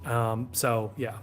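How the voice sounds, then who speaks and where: Relaxed man rambling on a livestream. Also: mid-range voice. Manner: relaxed, rambling, answers chat questions. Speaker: host of a sword shop livestream. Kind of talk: casual livestream chat. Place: shop back room behind sword racks.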